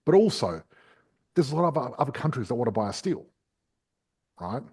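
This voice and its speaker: A man's voice: medium pitch, very animated, a little fast, warm tone, breathy edge. A man hosting a property podcast, explaining investing step by step in a chatty, casual way. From Australia.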